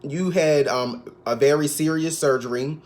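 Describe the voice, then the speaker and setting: Man, recap vlogger, sassy gossip, slightly high voice, casual chat. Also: a little slow, darkish tone.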